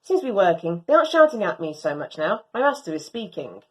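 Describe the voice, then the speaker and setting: Sounding sheepish, a woman reads a storybook as a proud, excitable young female Doberman, theatrical and full of grand old-fashioned phrases. Her voice sits on the low side, she talks fast, and the audio is poor.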